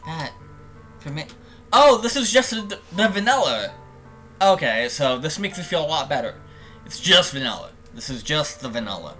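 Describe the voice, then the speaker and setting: A man's voice: on the high side, sing-song, normal speed, sharp tone, soft background music. A young man streaming a game, giving jokey, profane commentary and openly admitting his nerves.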